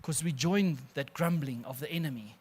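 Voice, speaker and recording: A pastor preaching an animated sermon, calling listeners friends and laughing often. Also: male voice, a little high, moderate pace, slightly rough.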